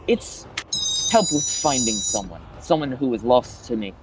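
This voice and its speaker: A man's voice: medium pitch, lively intonation, unhurried, noisy background. Tentative man role-playing at a game table. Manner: tentative, guarded. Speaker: player. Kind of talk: in-character tabletop role-play.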